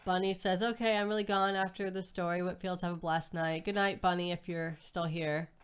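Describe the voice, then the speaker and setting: Smooth low-voiced woman reading chat. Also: steady tone. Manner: reads out viewer comments with quick asides. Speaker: co-host reading viewer chat. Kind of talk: casual live-stream chat.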